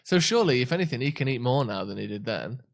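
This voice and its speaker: Give me a rambling, jokey man at mid pitch, casually co-hosting a match watchalong. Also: very animated, fast, creaky. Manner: rambling, jokey, searches for words. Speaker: watchalong co-host.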